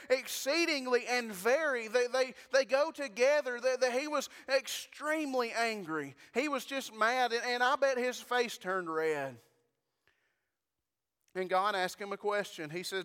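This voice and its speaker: Bright-voiced man preaching with amens. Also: extremely high pitch, smooth, long reverb tail. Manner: conversational preaching, asks the congregation for amens; repeats words when starting a phrase. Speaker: pastor. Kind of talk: sermon.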